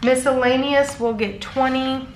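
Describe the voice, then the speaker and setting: A woman's voice: high voice, steady tone, unhurried, echoey room, a little hiss or hum. A congested woman casually talking through her weekly cash budget, counting bills aloud with frequent ums. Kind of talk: casual chat.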